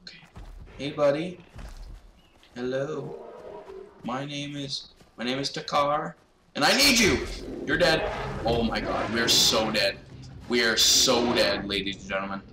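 A young man commentating his gameplay, swearing and breaking into panicked shouts. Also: medium pitch, flat delivery, unhurried, pauses often, recorded from a distance. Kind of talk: let's play commentary. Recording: roomy, off-mic, noisy background.

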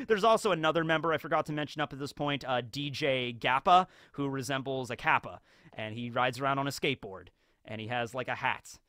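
Bright-voiced man recapping a movie. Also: mid-range voice, brisk, dry recording. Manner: rambling, lots of fillers like "like". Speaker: video host.

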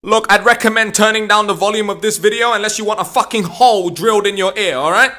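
Young man, very high voice, bright tone, foul-mouthed comedic rant, sudden shouting. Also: quick pace, faint music behind. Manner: swears constantly, bursts into shouting. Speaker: comedy ranter.

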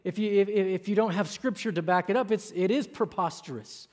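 A man's voice: sits high, a little fast, darkish tone. A man preaching a sermon as a pastor in a church, conversational, with frequent restarts and asides to the congregation. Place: church sanctuary.

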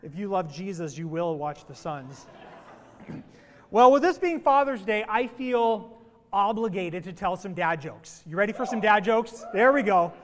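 Speaking a bit slowly in a high-pitched voice, a male pastor warms up his congregation with playful, animated jokes before preaching. The church sanctuary's long hall reverb fills the recording.

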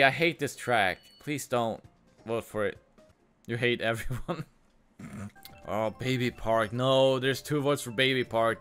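A man streaming a racing game, reacting out loud with yelps, groans and laughs as he plays. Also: lowish voice. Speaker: gaming streamer. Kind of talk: live game commentary.

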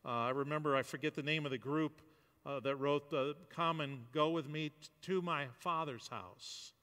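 A man's voice: a little high, normal speed, sharp tone, smooth. A male pastor preaching a sermon in a loose, conversational way, with fillers and restarts. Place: church hall. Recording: long hall reverb.

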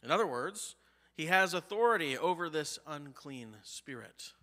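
A man's voice: a little high, animated, moderate pace, pushed and bright, long reverb tail. A male pastor preaching a sermon, emphatic, asking the congregation rhetorical questions. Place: church sanctuary.

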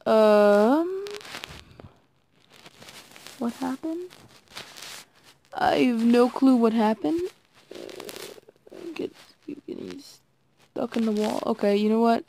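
Excitable high-voiced woman playing a game. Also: slow pace, long pauses, a little hiss or hum. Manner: excitable, jittery, talks to viewers while playing. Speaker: gaming video creator. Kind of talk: casual gameplay commentary.

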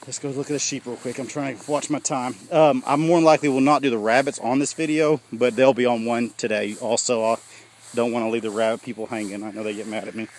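A man's voice: medium pitch, steady tone, quick pace. A man gives a rambling, casual walking tour of his homestead, chatting to viewers as he films outdoors on his phone. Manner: rambling, folksy, talks to viewers as y'all. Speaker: homesteader showing his farm. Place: outdoors on a farm in hot weather. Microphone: phone camera held while walking. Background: sheep and goats bleating.

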